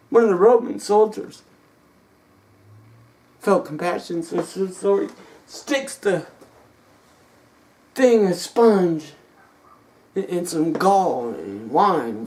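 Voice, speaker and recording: A preacher telling a story in a sermon, dramatic and repetitive, rising to shouts. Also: medium pitch, expressive, slow, long pauses.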